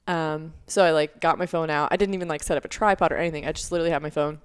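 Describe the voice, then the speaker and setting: This podcast co-host, a young woman, speaks in a low, clear, resonant voice with a steady tone, racing along as she tells a story. It's casual chat, loaded with fillers.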